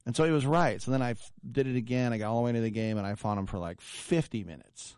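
A man hosting a radio talk show, telling an animated, self-deprecating story in casual chat. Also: mid-range voice, quick pace, clear, resonant tone, dry recording, studio quality.

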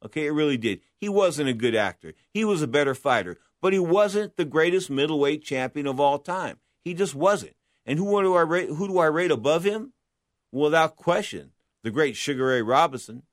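A man's voice: a little high, expressive, normal speed, no echo, clean studio sound. A man talking boxing history in a blunt, emphatic monologue, often asking and answering his own questions. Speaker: boxing commentator. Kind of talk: opinionated monologue.

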